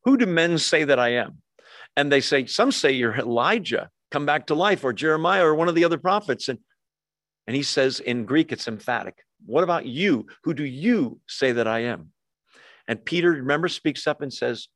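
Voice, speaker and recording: A man's voice: on the high side, fairly bright tone, no room sound, studio quality. A man preaching a casual verse-by-verse sermon, with wry asides and acted-out quotes. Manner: conversational, wry asides, acts out quoted voices. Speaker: pastor. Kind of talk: expository sermon.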